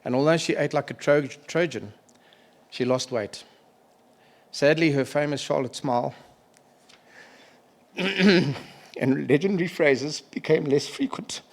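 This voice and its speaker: A middle-aged man whose voice sits on the high side gives a memorial eulogy for a relative. He speaks haltingly and with feeling, pausing to clear his throat.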